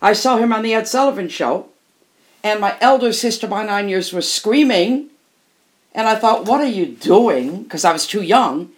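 Speaking at a normal speed with an expressive, mid-range voice, an older female musician tells candid stories as an interview guest. She's emphatic and tends to repeat phrases for emphasis.

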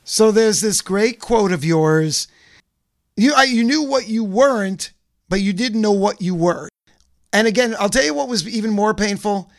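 Male interviewer, high-pitched voice, conversational, eager prompts. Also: unhurried.

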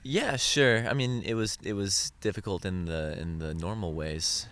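A man in a band, calmly answering interview questions. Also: low-pitched, unhurried. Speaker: band member.

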